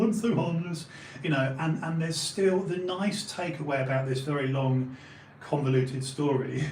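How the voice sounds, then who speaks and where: A man in his forties with an Essex and London accent tells a long story as a podcast host, loose and animated, swearing freely and acting out the people in it. His voice sits in a middle register. The room around him is roomy and echoing, with a faint hiss of noise underneath. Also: medium pitch. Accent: Essex and London English. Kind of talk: casual anecdotal storytelling.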